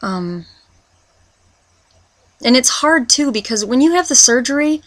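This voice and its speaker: A woman in her twenties talking through a confessional personal vlog, rambling and halting, with many restarts as she searches for words. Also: a little high, very animated, a bit bright, no echo. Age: 20s. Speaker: vlogger.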